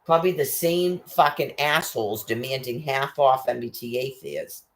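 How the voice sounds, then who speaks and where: A man's voice: mid-range voice, normal speed. A man, ranting angrily and swearing constantly, firing off rhetorical questions. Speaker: ranting commentator. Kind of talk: angry profane rant.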